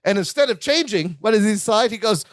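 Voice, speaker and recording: A man co-hosting a podcast, chatting casually about a sitcom episode, laughing often and dropping his voice low for quoted lines. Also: expressive, fast, dry recording. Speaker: podcast co-host. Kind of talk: casual recap chat.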